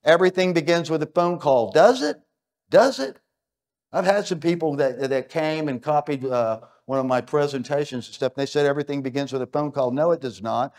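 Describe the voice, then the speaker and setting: A man's voice: a little high, fairly even intonation, a little fast, hardly any pauses, darkish tone. A middle-aged American man giving a conference keynote in a punchy, emphatic way, full of rhetorical questions. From United States. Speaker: keynote speaker. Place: stage at an event.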